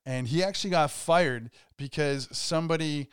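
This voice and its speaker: A man co-hosting a podcast, telling stories in relaxed casual chat and laughing often. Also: fairly high pitch, moderate pace, clean tone, no echo, studio quality. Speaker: podcast co-host.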